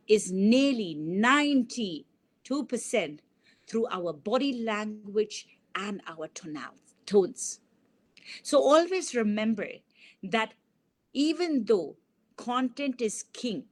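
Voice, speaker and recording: A woman lecturing on communication at a university, explaining a model step by step and illustrating it with examples. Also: fairly high pitch. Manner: explanatory, gives examples with repeated sample sentences.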